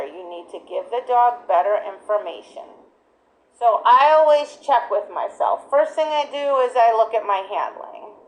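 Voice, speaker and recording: A woman's voice: a little high, a bit bright, low-quality recording. A woman giving a dog training lesson in an emphatic, direct way, often checking in with "right?". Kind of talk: instructional talk.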